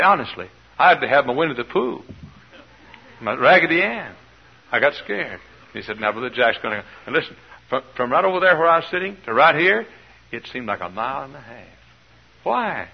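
Male preacher, husky, animated sermon delivery, dull lo-fi church recording. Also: mid-range voice. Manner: animated, shouting peaks and quiet asides, questions the congregation. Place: church in front of a congregation.

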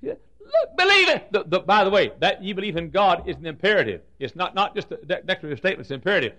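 An older man preaching a sermon, telling folksy stories with stammered restarts and sudden swings from loud to soft. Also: sits high, sing-song, quick pace.

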